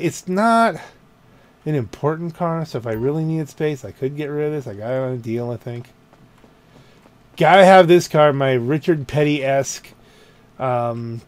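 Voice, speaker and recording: Here the host's voice is mid-range and a touch mellow. He wanders through his video game car garage with loose, talkative let's-play commentary, frequently correcting himself along the way.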